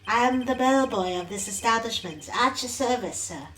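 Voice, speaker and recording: A woman's voice: medium pitch, lively intonation, slow, recorded from a distance, slight background noise. A woman voicing an overly polite young male hotel bellboy in a live fan dub of a game, speaking stiffly and stumbling over her words. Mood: formal. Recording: roomy, off-mic, faint music behind.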